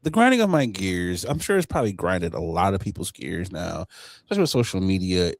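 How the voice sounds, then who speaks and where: A man's voice: sits low, a little fast, no echo, studio quality. A man co-hosting a podcast in casual chat, telling stories and ranting with lots of laughter. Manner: animated storytelling, ranting, laughs often. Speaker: podcast co-host.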